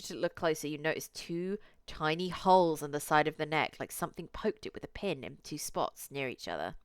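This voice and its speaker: A young woman streamer with a low-sitting voice reads a visual novel aloud, breaking off for chatty, cursing asides to her chat. There is no room sound.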